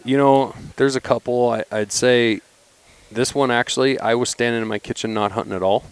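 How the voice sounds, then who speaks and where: A man in his forties, a company founder and podcast guest, chatting casually and telling animated hunting stories. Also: medium pitch, brisk, smooth. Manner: animated, acts out quoted voices when telling stories. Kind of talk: casual storytelling chat.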